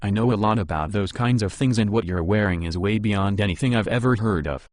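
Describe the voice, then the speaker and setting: A man's voice: lowish voice, brisk, dry recording, studio quality, lightly acted. A man voicing a talkative, grateful engineer in an audiobook. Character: eager middle-aged male engineer, talkative.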